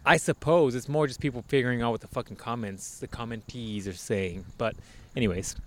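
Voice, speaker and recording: A man's voice: mid-range voice, a little fast, a bit bright. A man hosting a podcast in casual chat, joking around loosely and swearing often. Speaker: podcast host.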